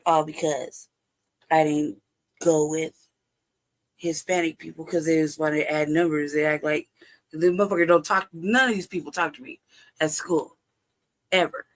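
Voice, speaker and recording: A woman's voice: low voice, steady tone, a little slow, pauses often. A woman hosting a live stream, telling a personal story in casual, profane talk, often laughing and acting out past exchanges. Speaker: livestream host.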